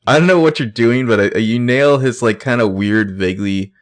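A man co-hosting a podcast, chatting casually and swearing freely as he recaps a TV episode. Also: medium pitch. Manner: loose, profane, acts out characters' lines in quick voices. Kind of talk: casual chat.

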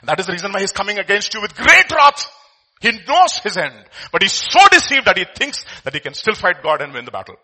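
Husky, animated Indian preacher. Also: male voice, high voice, a little fast. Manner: animated, swings from loud emphasis to quiet asides. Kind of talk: sermon.

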